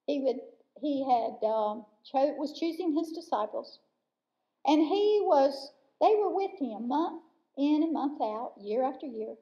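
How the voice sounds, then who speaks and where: High-voiced woman preaching a sermon. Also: expressive. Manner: earnest, slow and emphatic with pauses. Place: church sanctuary. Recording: dull lo-fi church recording.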